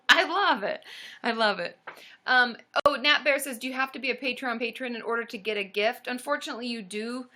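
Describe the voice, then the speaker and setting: A young woman chatting excitedly to her viewers while opening fan mail, often squealing with delight. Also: a little high. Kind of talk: casual livestream chat.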